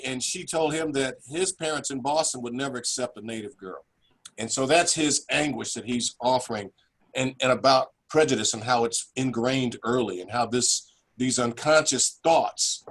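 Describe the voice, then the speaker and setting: Male guest lecturer, earnest, chatty, quick restarts, middle pitch. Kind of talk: lecture presentation with slides.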